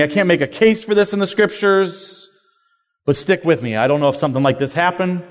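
High-voiced preacher in a big hall. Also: male voice. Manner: animated casual storytelling with slang. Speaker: pastor. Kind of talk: sermon. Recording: long hall reverb.

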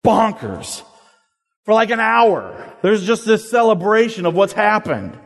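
A man preaching a sermon to a crowd, telling the story in a lively, casual way with slang. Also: high-pitched, moderate pace. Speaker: pastor. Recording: long hall reverb.

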